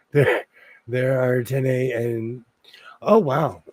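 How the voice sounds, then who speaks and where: A man's voice: mid-range voice, steady tone, drawn-out words, a little mellow, dry recording. A man hosting a casual sewing livestream, chatty and rambling, laughing often. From Los Angeles area. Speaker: host.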